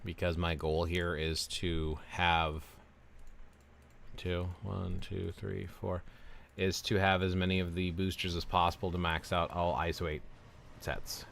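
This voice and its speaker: Male streamer, forties, very low voice, relaxed and chatty, talks through gameplay. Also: a little slow, creaky, slight background noise. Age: 40s. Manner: relaxed, chatty, explains game steps while answering chat. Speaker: game streamer. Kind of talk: casual livestream chat.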